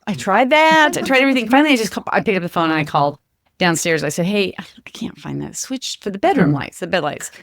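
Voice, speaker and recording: Quick-paced female podcast co-host, animated storyteller, dry close sound. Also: medium pitch, gravelly, dry recording. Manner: animated storyteller acting out quoted voices. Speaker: podcast co-host, flight attendant. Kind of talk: casual storytelling chat. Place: home kitchen.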